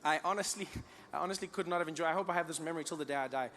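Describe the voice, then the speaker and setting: A man from South Africa with a South African accent, telling stories in live stand-up, animated and laughing at his own lines. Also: a little high, racing, long reverb tail, slight background noise. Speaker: stand-up comedian. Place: large live comedy venue.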